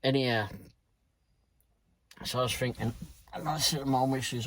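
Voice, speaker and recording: A man's voice: lowish voice, fairly even intonation, brisk, no echo. Rambling British man, swearing delivery driver. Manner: rambling, swears freely, chuckles. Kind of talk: casual storytelling vlog.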